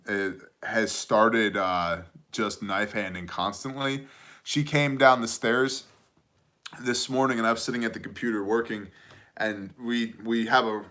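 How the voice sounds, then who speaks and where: Male host, 30s, bright forceful tone, casual jokey livestream chat. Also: on the low side. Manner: joking, conversational, reads chat aloud.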